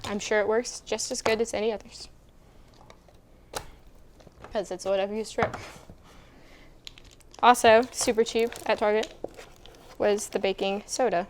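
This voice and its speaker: A woman's voice: medium pitch, fairly even intonation, unhurried, pauses often, a little hiss or hum. A young woman co-hosting a casual student cooking show, explaining each step and teasing her partner. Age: young adult. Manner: bossy, teasing, explains steps.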